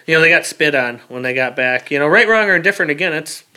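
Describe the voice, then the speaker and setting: In a relaxed interview, a veteran guest speaks with a bright, smooth, slightly high male voice. He talks plainly, pausing on fillers and repeating words while he works through his thoughts.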